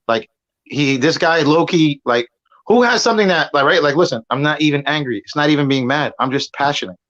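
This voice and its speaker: A man's voice: a little high, fairly quick, a bit bright. A man from Puerto Rico arguing heatedly on a stream, rambling, swearing and talking over the other side. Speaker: guest debater on a stream. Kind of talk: heated argument. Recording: muffled lo-fi audio.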